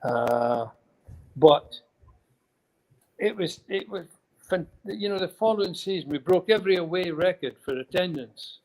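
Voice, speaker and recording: A man's voice: sits high, lively intonation, a little slow, pauses often, low-quality recording. An older man with a Scottish accent, a former footballer telling rambling anecdotes as a guest, breaking into chuckles now and then. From Scotland. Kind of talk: casual storytelling.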